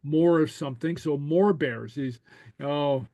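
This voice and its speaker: Male teacher, slightly high-pitched, dry close sound. Easygoing and halting, chuckles often, says new words slowly for the class to repeat. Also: warm tone, dry recording. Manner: unhurried and hesitant, full of okays and chuckles. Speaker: language teacher. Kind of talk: relaxed classroom lesson.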